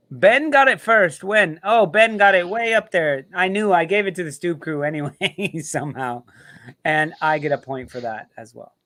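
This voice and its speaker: A man's voice: fairly high pitch, sharp tone. An American man hosting casual trivia banter, jokey and swearing, laughing as he talks. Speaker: host.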